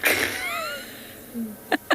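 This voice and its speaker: A woman safari guide giving live game drive commentary, often dropping to a hushed whisper and laughing often. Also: very high voice, wildly swooping pitch, extremely slow. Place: outdoors in the bush, in a vehicle. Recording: outdoor bush noise behind.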